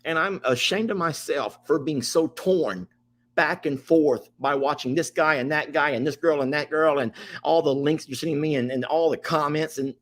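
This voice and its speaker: Middle-aged man, channel host, upset and impassioned direct-to-camera rant, mid-pitched voice. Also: fairly bright tone. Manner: impassioned, repetitive, Southern-style plain talk. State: emotional, upset.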